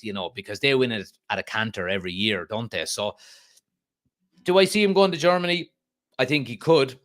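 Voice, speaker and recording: A man's voice: medium pitch, fairly bright tone. An Irish man hosting a live fan stream, chatting casually, restarting sentences and bursting into emphatic complaints. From Ireland. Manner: conversational, frequent restarts and fillers, emphatic outbursts. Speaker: fan channel host. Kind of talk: live-stream fan chat reading comments.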